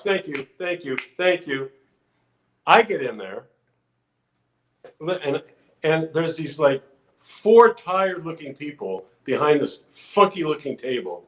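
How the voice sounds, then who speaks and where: An older man spins a long anecdote as a podcast guest, restarting his sentences and acting out the people in it. His voice sits a little high for a man. The room around him rings with a noticeable echo. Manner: animated anecdote telling with restarts and acted-out quotes. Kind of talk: casual storytelling.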